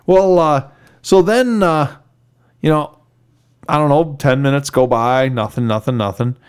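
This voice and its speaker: A man's voice: a little high, measured pace, clean tone. Podcast guy rambling thru a story, acts out the other voices, chill chatty tone. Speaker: podcast co-host. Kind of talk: casual storytelling.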